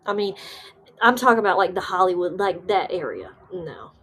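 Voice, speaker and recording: A woman hosting a livestream, chatting casually with viewers and reading their comments aloud, rambling and excitable with bursts of laughter. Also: fairly low pitch, normal speed, slight background noise. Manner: chatty and rambling, trailing off often. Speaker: livestream host.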